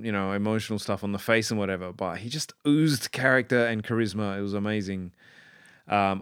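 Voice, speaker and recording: An Australian man with a somewhat low, clear and smooth voice rambles excitedly through a casual review. He stumbles and restarts often, full of ums. The sound is close and dry. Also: dry recording. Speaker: pop culture commentator.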